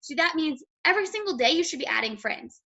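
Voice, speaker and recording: A woman's voice: high-pitched, lively intonation, fast, sharp tone, lo-fi sound. A young woman leading a motivational team call, chatty and blunt, swearing casually as she coaches. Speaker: team leader.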